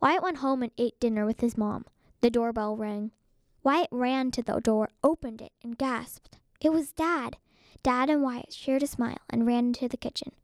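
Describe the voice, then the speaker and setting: A woman narrating a children's story in a clear, expressive reading voice. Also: a little high, normal speed, no room sound, studio quality.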